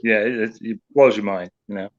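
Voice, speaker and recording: A male paranormal investigator telling animated anecdotes in casual chat. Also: on the low side, fairly quick, dull audio. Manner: animated anecdote teller, voices others in quotes.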